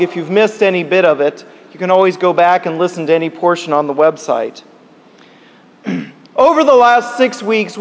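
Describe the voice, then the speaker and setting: A male pastor with a high voice gives a sermon in a church, his words trailing into a long reverberant tail. He delivers a joke and then teaches in a measured, deliberate way.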